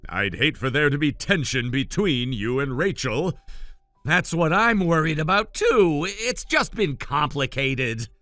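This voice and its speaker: A man voicing an ailing father who speaks gently and pleads with his son. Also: on the high side, very animated, measured pace, dry recording. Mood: pleading. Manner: soft-spoken, pleading. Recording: dry, faint music behind.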